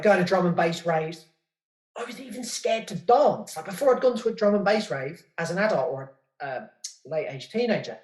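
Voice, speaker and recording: A middle-aged British man talking candidly in an interview, rambling, swearing freely and stumbling over repeated words as he thinks. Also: high-pitched. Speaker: podcast guest and podcast host. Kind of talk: candid casual interview chat. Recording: roomy echo.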